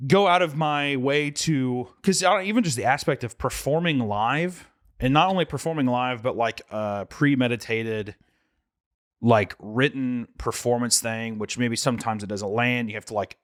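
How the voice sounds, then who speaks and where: A man's voice: mid-range voice, no room sound. A young man with a mid-range voice talks sincerely on a podcast, stumbling and restarting as he searches for words. His voice sits in a dry, close-miked room. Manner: earnest and halting, many restarts, sincere praise. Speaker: podcast co-host. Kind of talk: casual chat.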